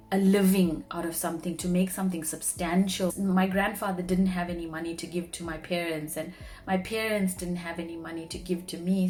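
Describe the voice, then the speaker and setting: A woman's voice: fairly low pitch, darkish tone. A young woman speaking earnestly to camera in a personal vlog, sharing heartfelt reflections. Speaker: vlogger; marketing professional.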